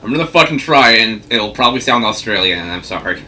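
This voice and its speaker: A man's voice: lowish voice, animated, fast talker, sharp tone, distant mic, a little hiss or hum. A man chatting casually and joking about himself between dubbed lines. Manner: joking, self-deprecating. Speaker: fan dub voice actor. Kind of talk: casual chat.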